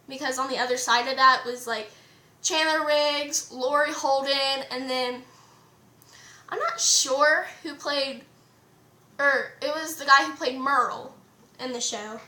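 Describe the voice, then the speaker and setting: A teenage girl vlogging a rambling, excited story with lots of "like" and fillers. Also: high voice. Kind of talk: casual storytime vlog. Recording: echoey room.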